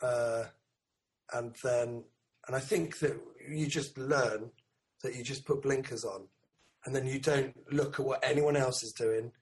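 Man, veteran comedian, relaxed chat, swears, mid pitch. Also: measured pace. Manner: laid-back, swears. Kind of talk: casual chat.

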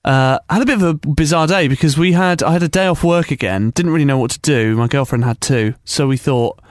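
A young man telling a funny story in a casual chat, animated and laughing often as he acts out quotes. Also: a little high, brisk, no echo, studio quality.

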